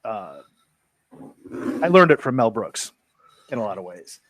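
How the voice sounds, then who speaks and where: A man's voice: lowish voice, big pitch swings, unhurried, a bit bright, dry recording. Podcast co-host guy asking earnest questions, dry close sound. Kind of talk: casual chat.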